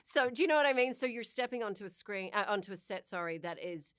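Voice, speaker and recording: A middle-aged woman with a New Zealand accent, talking about her acting work in a relaxed, expressive interview manner. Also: medium pitch, quick pace, clean tone, dry recording, clean studio sound. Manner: chatty and expressive, acts out little quoted exchanges. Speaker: actor being interviewed. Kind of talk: casual interview chat.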